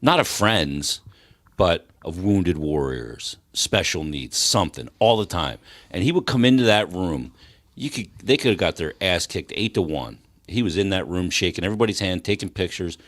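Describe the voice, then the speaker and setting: A man's voice: deep voice, a bit bright, dry recording, studio quality. A man co-hosting a casual hockey talk show, blunt and profane as he talks about players. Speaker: podcast co-host.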